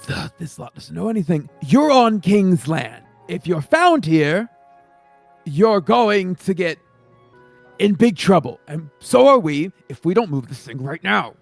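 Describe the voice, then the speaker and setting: Man voicing a gray-bearded dwarf, gruff, barking orders, gravelly, dry close mic. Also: high voice, very animated, no room sound, soft background music, voice pushed up, heavily acted. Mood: bossy. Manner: bossy and hurried, barking orders. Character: stocky gray-bearded male dwarf poacher, gruff and jumpy.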